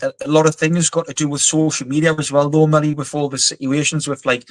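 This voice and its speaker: Fast-talking blunt man. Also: fairly high pitch, level tone, dry recording. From England. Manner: rambling, blunt, swears often. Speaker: guest. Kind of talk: casual interview chat. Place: offshore quarters.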